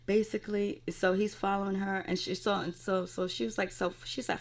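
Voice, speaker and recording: A woman's voice: mid-range voice, level tone, brisk, hardly any pauses. A woman casually recapping a TV episode in a rambling, profane way with lots of fillers. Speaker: TV recap reviewer.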